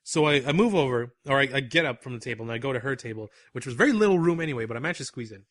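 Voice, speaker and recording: A young man co-hosting a podcast, telling an animated anecdote and laughing often at his own story. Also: medium pitch, rapid-fire, no room sound, studio quality. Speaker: podcast co-host.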